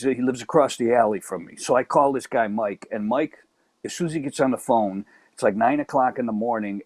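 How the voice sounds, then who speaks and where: Chicago man, mid-pitched, animated storyteller who stammers and does voices, dry close sound. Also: no room sound. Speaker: comedy podcast guest.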